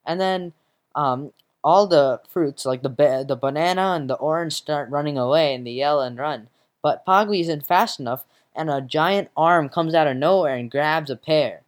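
A presenter casually narrating a comic strip panel by panel, with fillers. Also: medium pitch. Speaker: magazine presenter.

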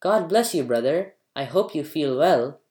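Narrator doing a calm, good-hearted younger brother for a storybook, echoey room. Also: mid-range voice, unhurried, natural voice. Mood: gentle. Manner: calm, peaceful and earnest. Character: gentle, kind younger brother, a young man.

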